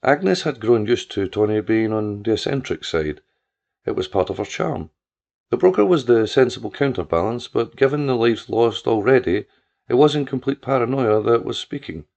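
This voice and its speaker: A man narrating a story in a steady storytelling manner, on a dull lo-fi recording. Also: mid-range voice, normal speed, gravelly. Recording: dull lo-fi audio.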